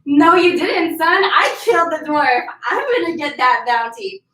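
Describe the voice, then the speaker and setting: A sly, boastful spider trickster , as a woman tells him in a workout story. He is high-voiced and casual, with a roomy sound that comes from some distance off the mic. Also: expressive, unhurried, sharp tone, exaggerated voice. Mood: wily. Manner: casual, exclaiming.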